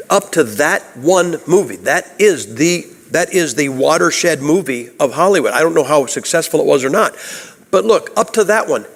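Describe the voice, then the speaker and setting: An American man preaching a sermon as a guest preacher. He talks in an animated way, firing rhetorical questions at the congregation and acting out the voices of the people he quotes. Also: fairly high pitch. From United States. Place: church sanctuary. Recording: long hall reverb.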